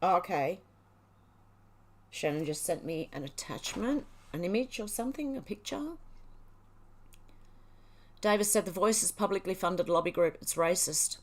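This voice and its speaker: A woman's voice: fairly low pitch, lively intonation, moderate pace, pauses often. Australian woman reading viewer comments aloud. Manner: reads viewer comments aloud and responds, chatty with fillers. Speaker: livestream host. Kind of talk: casual live chat reading.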